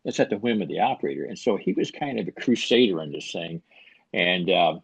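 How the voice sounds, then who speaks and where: A man in his sixties speaks with a very low, gravelly and husky voice. He tells his story in a dry, wry, self-deprecating way. The sound is dull and close, with no room around it. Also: lively intonation, fairly quick, dry recording. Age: 60s. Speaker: author guest. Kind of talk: casual interview talk.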